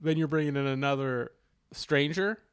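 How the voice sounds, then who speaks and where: A man's voice: fairly high pitch, moderate pace, clear, resonant tone. A man co-hosting a comedy podcast, trading dry, playful quips in casual banter.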